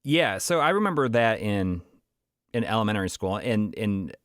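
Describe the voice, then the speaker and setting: A male podcast co-host rambles through casual chat with many restarts and fillers, laughing easily. His lowish voice swings widely in pitch at a moderate pace and sounds a bit bright, recorded as clean studio sound with no room sound.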